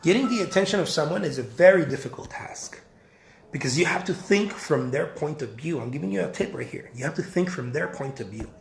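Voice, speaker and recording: Emphatic male artist talking straight to camera at home, a bit high-pitched, roomy echo. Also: animated, fast talker, vocal fry. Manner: emphatic, repeats points, addresses viewers as guys. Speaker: artist giving career advice. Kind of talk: casual vlog talk to camera. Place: home, near a backyard.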